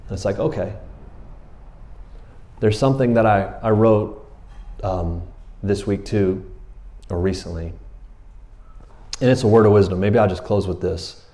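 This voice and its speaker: A middle-aged man preaching a sermon, telling a story in a casual, animated way with slang and laughs. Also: low voice, unhurried, pauses often. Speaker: pastor.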